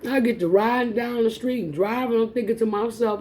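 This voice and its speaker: Woman vlogger, warm mellow tone, casual storytelling to viewers, laughs often. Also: a little high, fairly quick, slight background noise. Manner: animated, laughing often, addresses viewers as y'all. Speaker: mukbang vlogger. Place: home, eating on camera.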